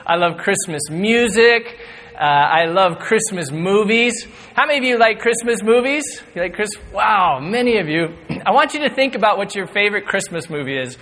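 A pastor opening a sermon, joking with and drawing in the congregation. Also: male voice, high voice, lively intonation, moderate pace, a little hiss or hum. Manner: warm, joking, engaging the congregation. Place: large church hall with congregation. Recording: long hall reverb, faint crowd.

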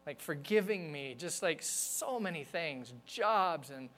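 A man's voice: a little high, expressive, slow pace, fairly bright tone. A man preaching a sermon as pastor, speaking to the congregation in a conversational, earnest way.

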